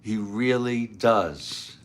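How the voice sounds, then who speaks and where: A man's voice: lowish voice, very slow. A man voicing an eager, affectionate young granddaughter in a spoken story.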